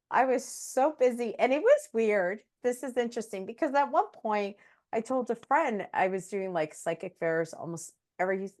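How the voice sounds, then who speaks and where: A woman hosting an interview, telling stories in a chatty way and laughing often. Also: mid-range voice. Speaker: host, psychic medium. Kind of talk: casual interview chat.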